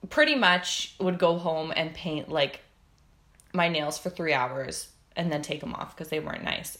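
Young female nail tech guest, bright voice, chatty storyteller who acts out every quote. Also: deep voice. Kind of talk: casual podcast chat.

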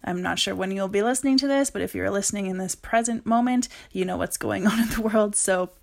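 A woman's voice: medium pitch, quick pace, gravelly. A woman hosting a podcast over a video call, chatting casually and laughing often. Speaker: podcast host.

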